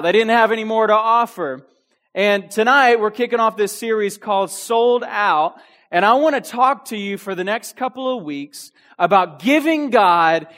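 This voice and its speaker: A man's voice: high voice, a bit bright. A man preaching a youth sermon with energy, full of restarts and asides. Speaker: youth pastor.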